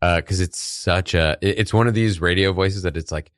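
Very low-voiced chatty male guest. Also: normal speed, dry recording, clean studio sound. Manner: earnest, chatty, uses many "like"s. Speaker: podcast guest. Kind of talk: casual comedic podcast chat.

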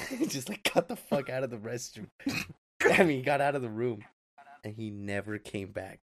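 A man's voice: mid-range voice, animated, normal speed. A man in his twenties co-hosting a casual podcast, telling a funny story in a laid-back, slangy way and laughing through it. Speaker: podcast co-host.

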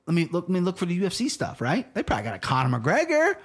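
A man's voice: high-pitched, wildly swooping pitch, very fast, husky. A man hosting a podcast, chatting casually with a guest in a loose, playful way and swearing freely. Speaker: podcast host. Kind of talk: casual chat.

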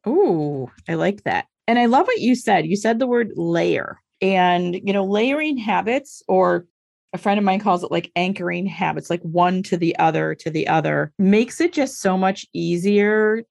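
A woman's voice: fairly low pitch, animated, vocal fry, a little mellow, no room sound, studio quality. A woman from the US Northeast hosting a casual podcast, chatty and encouraging. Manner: chatty and encouraging, with quick laughs.

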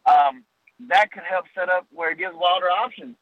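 A man's voice: high-pitched, normal speed, no room sound, highs cut off. A man calling in to a boxing show, rambling through his analysis and stopping to correct himself. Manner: rambling, self-interrupting analysis. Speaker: caller. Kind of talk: call-in phone talk.

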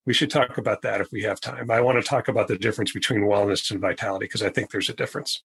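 A man talking as a guest on a podcast interview, an orthopedic surgeon who stresses his key phrases slowly and emphatically. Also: fairly low pitch, fairly even intonation, gravelly, a bit bright, husky, rough recording.

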